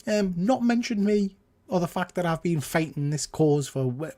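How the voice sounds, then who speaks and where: A man's voice: high-pitched, lively intonation, moderate pace, mellow. A man co-hosting a casual comics chat show, rambling and correcting himself as he talks. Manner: chatty, rambling, self-correcting. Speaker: podcast co-host.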